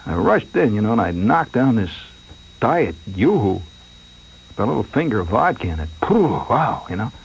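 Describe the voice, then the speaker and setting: Male radio host, rambling monologue, lively mock-nervous delivery, dull lo-fi sound with faint hum. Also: fairly low pitch, moderate pace, vocal fry. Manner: rambling, animated, mock-anxious storytelling. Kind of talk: late-night radio monologue.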